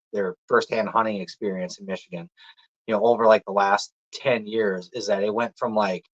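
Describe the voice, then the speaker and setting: A man with a Minnesota accent, a guest on a podcast, telling hunting stories in casual, animated talk and swearing freely. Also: lowish voice. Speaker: podcast guest, deer hunter. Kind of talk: casual storytelling chat. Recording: dull lo-fi audio.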